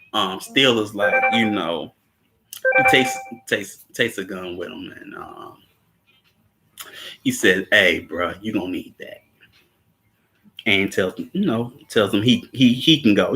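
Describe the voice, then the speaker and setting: Bright-voiced man laughing through a movie recap. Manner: laughs often, repeats words, acts out quotes in a higher voice. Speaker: host recapping a film. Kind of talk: casual film commentary.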